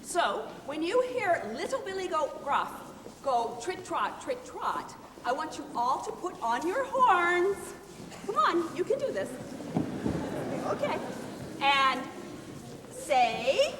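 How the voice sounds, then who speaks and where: A woman leading a live stage story, playfully coaxing the audience to join in. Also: very high-pitched. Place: large theater hall. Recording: echoey hall, distant mic, audience noise.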